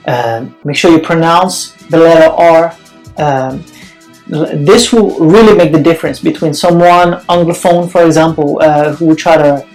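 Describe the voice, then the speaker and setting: A man's voice: fairly high pitch, rough recording. Parisian-accented man teaching French casually. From France. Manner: relaxed and chatty, with many fillers. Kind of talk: casual language lesson to camera.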